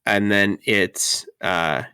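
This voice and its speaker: A game master narrating a tabletop game in a casual, filler-heavy way. His voice sits slightly low. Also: fairly even intonation, drawn-out words, bright, forceful tone, clear, resonant tone, no echo.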